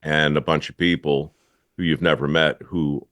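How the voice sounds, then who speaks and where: A man speaking as a podcast guest in a measured, reflective way. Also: extremely low pitch, steady tone, a bit bright, no echo, studio quality. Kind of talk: casual conversation.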